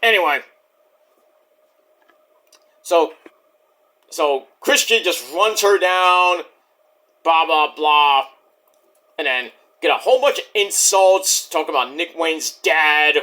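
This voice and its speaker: A man's voice: a little high, takes it slowly, long pauses, sharp tone. A man recapping a wrestling show in a casual, rambling vlog with profane asides.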